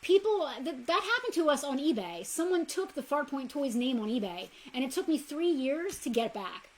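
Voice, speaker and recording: Woman, high voice, chatty, bubbly, live-stream co-host. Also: very animated, moderate pace, a little hiss or hum, poor audio. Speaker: co-host of a toy shop live show. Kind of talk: casual live-stream chat.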